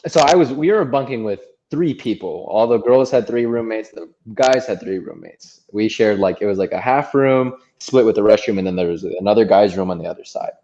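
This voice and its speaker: A man co-hosting a casual chat, telling a story in a relaxed, hesitant way. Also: lowish voice, a little fast, hardly any pauses. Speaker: podcast co-host. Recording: muffled lo-fi sound.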